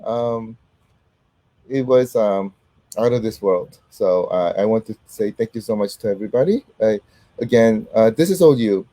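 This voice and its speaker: A middle-aged man hosting a casual livestream while sick, his voice not fully back, talking haltingly with many ums and uhs and greeting viewers by name. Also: fairly low pitch, warm tone, no room sound. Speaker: host.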